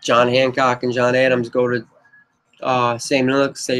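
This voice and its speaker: Flat-voiced man rambling through a pitch. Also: moderate pace, rough recording. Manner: rambling, heavy on "you know" and "but yep". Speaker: filmmaker pitching his own script. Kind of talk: casual rambling pitch to camera.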